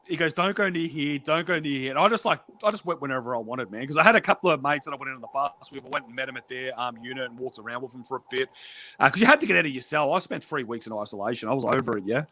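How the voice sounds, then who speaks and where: A man's voice: medium pitch, lively intonation, very fast, bright, forceful tone. A man telling prison stories on a stream in a blunt, profane way, acting out the exchanges he quotes. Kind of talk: casual storytelling.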